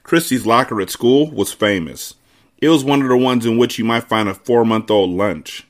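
A man's voice: mid-range voice, normal speed. A man hosting a podcast, reading a novel aloud and dropping laid-back, conversational asides. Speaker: podcast host.

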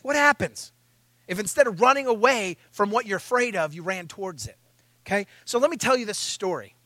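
Male preacher, high bright voice, lively self-mocking storyteller, dry close sound. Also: a little fast, no echo. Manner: animated, self-mocking storytelling, acting out his own panic. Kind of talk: sermon. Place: church.

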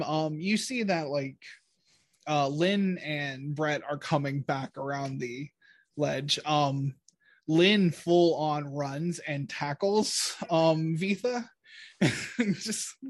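A man narrating a tabletop game as game master over a call, halting with many ums and small laughs. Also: fairly high pitch, dry recording.

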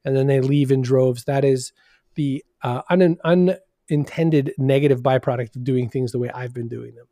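A middle-aged man from Maine, a guest in a podcast interview, telling animated stories and acting out quotes in lively voices. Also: medium pitch, normal speed, no echo, clean studio sound. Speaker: podcast guest, marketing consultant. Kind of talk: conversational interview.

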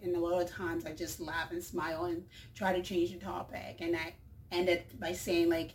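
A woman's voice: lowish voice, steady tone, moderate pace. A woman, a mother, hosting her own show in a casual monologue, chatty and full of fillers, often laughing. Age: adult mother. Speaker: show host.

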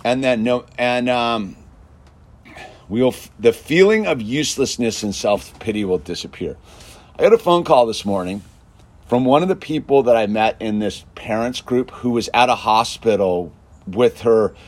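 A man ranting in a casual monologue, emphatic and constantly saying "dude", swinging between loud bursts and low mutters. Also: expressive, moderate pace. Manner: emphatic, peppers speech with "dude". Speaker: show host.

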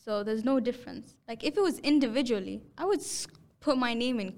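A young woman hosting a podcast, telling a story in casual chat and acting out the quotes with lively jumps in her voice. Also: a little fast. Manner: animated, acts out quotes with rising pitch. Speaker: podcast host.

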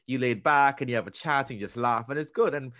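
A young man co-hosting a podcast, chatting in a lively way, acting out what people said and restarting his sentences. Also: medium pitch, fast talker, dry recording. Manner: animated storytelling, acting out quotes with restarts. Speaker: podcast co-host. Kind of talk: casual interview chat.

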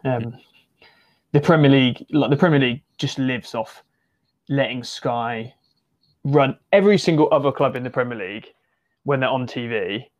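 A man talking football in a loose, rambling way, full of fillers and restarts, his voice sitting at an ordinary middle pitch. He sounds like he is thinking aloud, circling back to finish his points. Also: moderate pace, pauses often, highs cut off. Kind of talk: casual football discussion.

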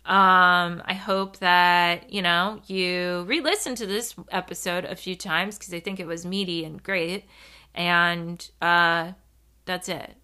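Bright, forceful woman hosting a solo podcast; bouncy, tangent-prone, laughs through awkward moments. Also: lowish voice, slow, clear, resonant tone. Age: adult. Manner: animated, rambling, giggles when uncomfortable. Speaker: podcast host.

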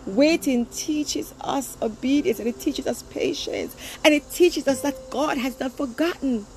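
A woman preaching a sermon in a slow, fervent way, her pitch leaping up and dropping low. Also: a little hiss or hum, poor audio.

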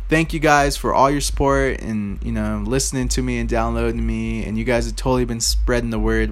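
A man in his own casual podcast, rambling through stories with plenty of fillers and side remarks. His voice sits at an ordinary, middle pitch. He talks straight to his listeners in an easygoing, unpolished way. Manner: rambling, loose and informal, with many fillers and asides to listeners. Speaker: podcast host.

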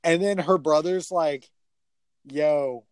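A man's voice: on the high side, a little slow, darkish tone, no echo. A man retelling a movie in a casual chat, rambling and profane, with lots of filler words.

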